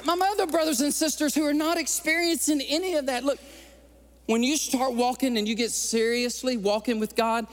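Male pastor, high-pitched and fervent, sermon in a reverberant sanctuary. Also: fairly even intonation, moderate pace, some chatter behind. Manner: impassioned preaching, tearful at times. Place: church sanctuary. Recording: long hall reverb.

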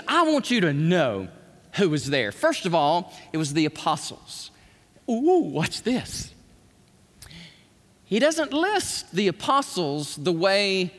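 A man delivers a sermon in a high, lively voice that swoops widely as he acts out the characters of scripture. He is recorded in an echoey large hall with a long reverb, his voice at times drifting away from the mic. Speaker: pastor.

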